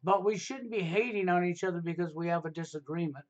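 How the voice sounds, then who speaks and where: A middle-aged man hosts a live stream in a high-pitched voice. He talks in an emphatic, preachy way and keeps tagging his points with "okay?". The sound is dull and lo-fi. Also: fast. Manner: emphatic, repeats "okay?" to drive points home. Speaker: livestream host. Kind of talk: casual advice talk on a live stream.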